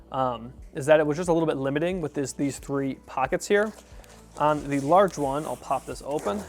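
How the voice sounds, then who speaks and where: A man giving a casual, rambling gear review, with fillers and self-corrections as he shows bags. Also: mid-range voice. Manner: relaxed, rambling, with fillers and restarts.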